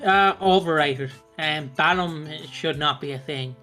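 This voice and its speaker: High-voiced man in casual chat. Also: unhurried, bright, forceful tone, faint music behind. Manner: sweary, mimics characters in bursts. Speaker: podcast co-host. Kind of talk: casual chat over a video call. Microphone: video call.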